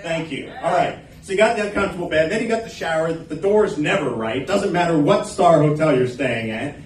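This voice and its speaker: A man's voice: fairly high pitch, lively intonation, a little fast. Crude male stand-up in an echoey club. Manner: crude, teasing the crowd. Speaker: stand-up comedian. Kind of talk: open mic stand-up set. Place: small comedy club stage. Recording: echoey club, recorded from a distance.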